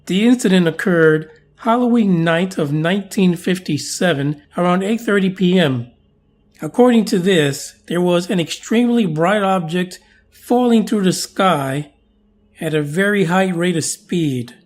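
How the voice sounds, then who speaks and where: High-voiced joking podcast host man. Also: measured pace. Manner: jokey, chatty, playful asides. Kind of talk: casual podcast chat.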